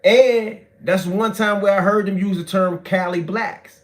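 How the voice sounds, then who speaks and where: A man, telling prison stories in animated, profane street talk that swings from shouts to low mutters. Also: unhurried.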